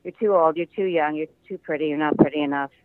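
Heard through a thin, tinny phone line, an older man from the American Midwest talks in a somewhat high voice. He is a chatty actor who tells stories with plenty of laughter, and the sound is close and dry. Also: quick pace, no echo. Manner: chatty storyteller, laughs often. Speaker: guest actor. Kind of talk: casual interview over the phone.

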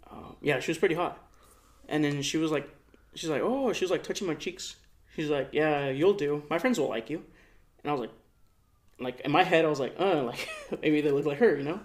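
A young man with a slightly high voice tells a story on a podcast in loose, slangy talk. He swears freely and acts out the voices of everyone in it. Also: brisk. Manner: slangy, profane, animated retelling with voiced quotes. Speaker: podcast co-host. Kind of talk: casual storytelling.

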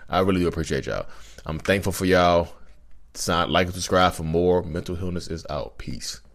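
A man with a very low, deep voice talks straight to his audience in a loose, animated vlog style. He repeats himself for emphasis and keeps calling his listeners y'all. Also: moderate pace. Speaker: self-aware narcissist channel host. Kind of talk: casual direct-to-camera talk. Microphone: podcast-style recording.

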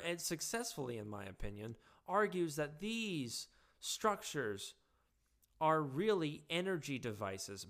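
A man giving a halting, casual monologue with frequent restarts, his voice hoarse and giving out. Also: a little high, fairly bright tone.

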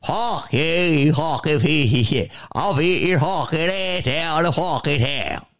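A man's voice: on the high side, lively intonation, unhurried, voice pushed up. A man putting on an angry, foul-mouthed tough guy with a Philadelphia accent, hurling insults. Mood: furious. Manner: shouting insults, aggressive.

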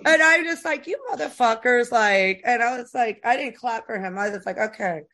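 Animated, cursing middle-aged woman storyteller. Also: a little high, fairly quick. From United States. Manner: animated, profane storytelling with many fillers. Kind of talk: casual podcast chat.

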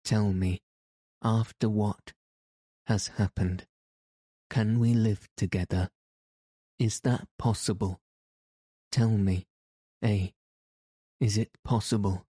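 Male narrator doing a cold, reproachful wronged wife for an audiobook; low and unhurried. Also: fairly even intonation, mellow, slightly rough, dry recording, studio quality. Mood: bitter. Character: bitter betrayed wife, grown woman. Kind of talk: audiobook reading.

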